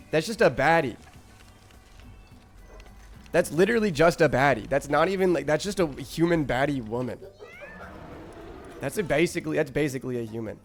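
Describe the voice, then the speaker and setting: A man's voice: medium pitch, expressive, normal speed, pauses often, soft background music. A man streaming a game, rambling and joking with chat in crude casual talk, often stammering.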